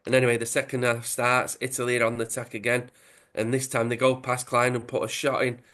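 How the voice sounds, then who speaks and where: A man casually retelling a football comic story as a podcast host, in a chatty, animated way. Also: medium pitch, fast talker.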